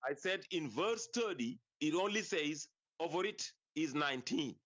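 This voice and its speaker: A man's voice: a little high, expressive, moderate pace, muffled recording, crowd noise. A man calling in to a heated debate show, hesitant and stammering as he defends his reading. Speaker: caller.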